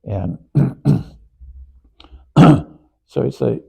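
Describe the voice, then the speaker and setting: An older man being interviewed, rambling through anecdotes with frequent chuckles, his voice gravelly. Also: on the low side, moderate pace, dark tone, low-quality recording. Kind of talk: anecdotal storytelling.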